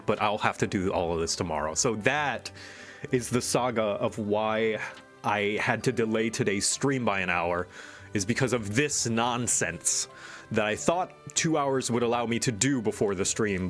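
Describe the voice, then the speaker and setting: A man's voice: fairly low pitch, fairly bright tone. Exasperated man venting on a stream. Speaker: streamer and animator. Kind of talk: casual live-stream chat.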